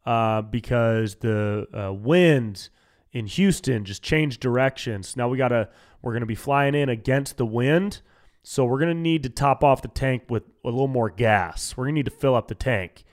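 A man voicing a male airline captain giving a calm, hesitant announcement. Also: medium pitch, moderate pace, natural voice. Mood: matter-of-fact.

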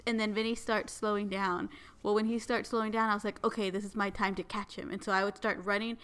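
A woman in casual conversation, recounting a mishap with lively, animated delivery. Her voice is bright and forward. She talks in a relaxed, everyday way. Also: mid-range voice, fast, clear, resonant tone. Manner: animated, breathless storytelling. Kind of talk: casual storytelling chat.

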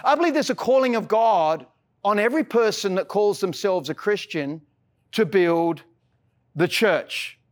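A high-pitched Australian man preaching a sermon from the pulpit. He talks earnestly and often trips over his words, repeating the start of a phrase before pushing on. He slows right down to stress key lines, then hurries through the next thought. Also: lively intonation. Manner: earnest, frequent stammered restarts. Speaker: pastor.

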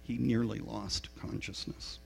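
A man's voice: on the low side, flat delivery, unhurried, gravelly, a little mellow, slightly rough. A middle-aged man preaching a sermon as a pastor, telling a story in a frank, self-deprecating way. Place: church sanctuary. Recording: reverberant hall with mains hum.

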